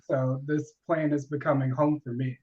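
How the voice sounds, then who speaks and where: A man's voice: medium pitch, level tone, moderate pace, lo-fi sound. A man co-hosting a casual spiritual chat over a video call, joking and rambling with lots of fillers. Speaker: co-host.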